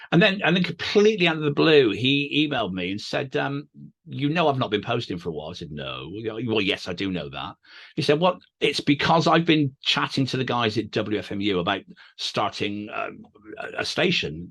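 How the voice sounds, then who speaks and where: Fast-talking bright man. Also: medium pitch, slightly rough. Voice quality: tenor. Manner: naturally very fast talker, animated, self-deprecating. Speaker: guest radio DJ and author. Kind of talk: casual interview chat.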